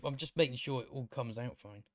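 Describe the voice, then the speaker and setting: A man's voice: medium pitch, fairly quick, no room sound, studio quality. A man giving a casual, ranting review of a show, blunt, sarcastic and profane, often restarting his sentences.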